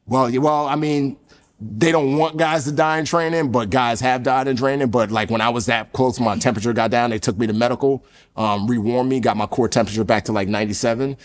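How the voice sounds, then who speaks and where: A man's voice: medium pitch, a little fast. A man, a podcast guest who went through military training, telling earnest stories casually with many fillers. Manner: earnest, filler-heavy storytelling. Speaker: podcast guest, former Navy SEAL trainee. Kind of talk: casual storytelling.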